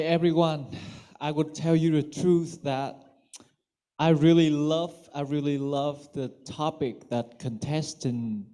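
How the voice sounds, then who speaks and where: A man hosts a speech contest in a mellow, mid-pitched voice. He speaks slowly and hesitantly, filling pauses with "um." He talks in the friendly way of a master of ceremonies. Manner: slow and hesitant, with many fillers. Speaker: contest host.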